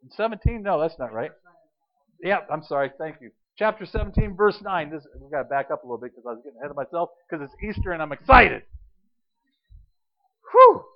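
A man preaching an Easter sermon as pastor, animated and storytelling, acting out scenes and quotes. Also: a little high, quick pace, lo-fi sound.

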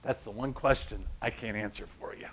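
A middle-aged male pastor preaching a sermon, telling stories with lively acted-out voices and loud, emphatic peaks. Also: mid-range voice, moderate pace, a little hiss or hum. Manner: animated storytelling, acting out voices, rising to loud emphasis.

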